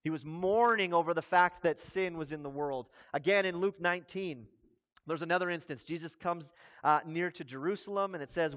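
An impassioned male pastor delivers a sermon, climbing to emphatic peaks and then sinking low and quiet. His voice sits a little high for a man. The sound carries a long hall reverb and comes through dull and lo-fi. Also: normal speed.

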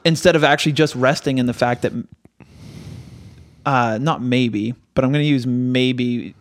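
A man's voice: medium pitch, fairly even intonation, moderate pace, dry recording. A man who preaches, co-hosting a podcast and reflecting aloud in hesitant, thoughtful casual chat. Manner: thoughtful, hesitant restarts, talks through ideas. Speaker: pastor and podcast co-host.

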